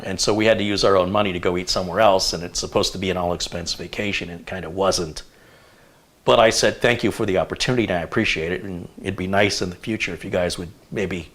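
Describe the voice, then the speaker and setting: A man's voice: sits low, fast talker, a bit bright. A man from the United States hosting a live tech stream, chatting casually and telling long rambling stories. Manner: rambling anecdotal storyteller.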